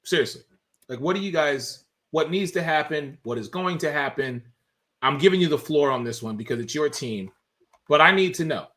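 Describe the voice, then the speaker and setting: A man hosting a casual sports talk show, emphatic and opinionated, turning excitable when he tells a story. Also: on the high side, moderate pace.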